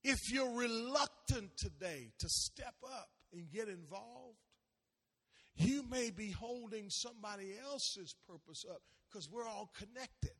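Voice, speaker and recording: A man preaching a sermon as pastor, animated, laughing and calling out to the congregation. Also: sits high, measured pace, in a large hall.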